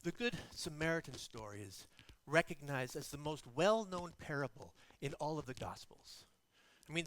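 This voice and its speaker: A middle-aged man giving a storytelling sermon, animated and lively as he acts out scenes. His voice sits high for a man and rings bright and forceful. The sound is dry and close, with little room. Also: dry recording. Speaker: guest preacher and theology professor.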